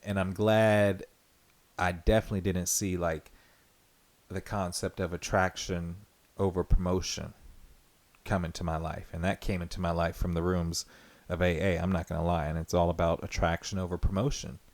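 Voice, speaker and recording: Male podcast host, lowish voice, earnest and rambling, reflective solo talk. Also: level tone, normal speed, darkish tone. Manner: earnest, rambling, with many "like" fillers and restarts.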